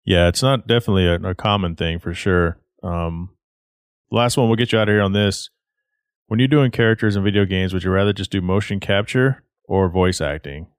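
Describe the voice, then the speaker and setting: A man with a very deep voice hosting a podcast in an easygoing, chatty way. His voice sounds dry and close, with little room sound. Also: brisk, clear, resonant tone, no echo. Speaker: podcast host. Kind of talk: casual interview chat.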